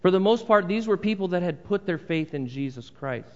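Man preaching a sermon, fairly high voice, long church reverb, dull muffled sound, conversational but emphatic. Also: expressive, brisk, darkish tone. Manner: conversational, emphatic on key phrases. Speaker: pastor. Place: church sanctuary.

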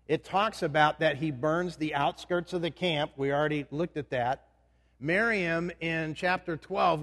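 A fairly bright, slightly high male voice fills a reverberant hall as a pastor preaches. His sermon is conversational, and he frequently puts questions to those gathered.

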